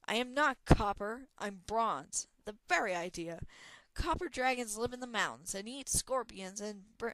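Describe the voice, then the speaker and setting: A woman's voice: medium pitch, expressive, normal speed, fairly bright tone, dry recording, close to an everyday voice. A woman voicing a proud, homesick young female bronze dragon who talks in a haughty, indignant way.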